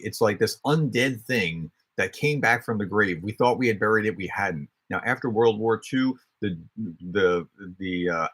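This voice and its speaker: Husky-voiced man answering questions. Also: fairly low pitch, fairly bright tone. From United States. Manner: conversational, explanatory, frequent restarts. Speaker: host answering viewer questions. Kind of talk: casual livestream Q&A, thinking aloud.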